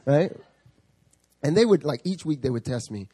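A male pastor preaching a sermon, telling a story with animated quoted voices. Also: a little high, moderate pace, breathy edge. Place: church service.

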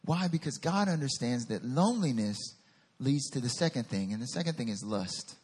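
A man preaching a sermon as a pastor, animated and acting out scripture voices. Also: medium pitch, normal speed, breathy edge, big-room sound.

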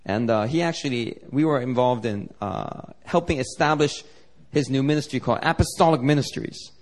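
A man's voice: medium pitch, normal speed. A man preaching as a pastor at a church service, telling a story loosely, with lots of "like" and "you know". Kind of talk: sermon storytelling.

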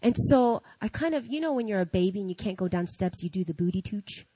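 A woman's voice: medium pitch, expressive, fairly quick, dark tone, dry recording, muffled recording. A woman telling a personal story to an audience in casual, slangy talk, acting out her own reactions. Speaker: speaker sharing a personal faith story.

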